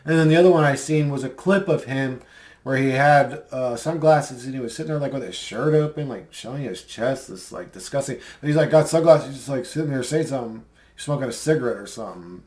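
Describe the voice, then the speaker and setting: A man's voice: medium pitch, a little fast, a little mellow. A man in a casual commentary vlog, rambling and mocking, with many fillers as he replies to comments. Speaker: video creator replying to comments.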